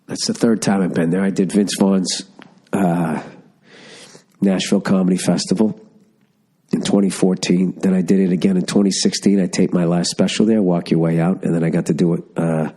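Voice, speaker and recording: A man's voice: deep voice, moderate pace, husky. A middle-aged man from Massachusetts, stuffy and congested from a cold, ranting profanely and telling stories on his solo podcast. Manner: profane, ranting, storytelling, animated asides. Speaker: podcast host. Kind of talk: casual solo podcast rant. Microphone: studio podcast mic.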